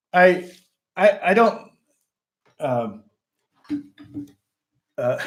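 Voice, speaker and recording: A middle-aged man with a high voice, a musician who hosts a channel, tells a long story in a casual, rambling way. He keeps interrupting himself and laughs often.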